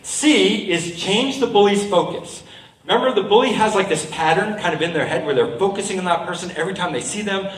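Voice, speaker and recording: A man's voice: sits high, brisk. A middle-aged man performing a school assembly show, upbeat and quizzing the young crowd. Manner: upbeat, quizzes the crowd, acts out quoted lines. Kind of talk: talking to a school audience. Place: school hall. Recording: echoey hall, from far off.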